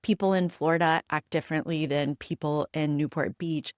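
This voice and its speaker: Candid, emphatic woman with a lower voice. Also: fairly even intonation, no echo, clean studio sound. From United States. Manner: candid and emphatic, swears freely; reflective storytelling with frequent pauses. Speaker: podcast host. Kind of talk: solo podcast monologue.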